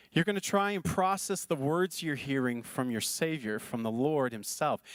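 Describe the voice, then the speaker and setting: Earnest, higher-voiced male pastor preaching. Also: no echo, clean studio sound. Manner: earnest, conversational preaching with repeated phrases. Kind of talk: sermon.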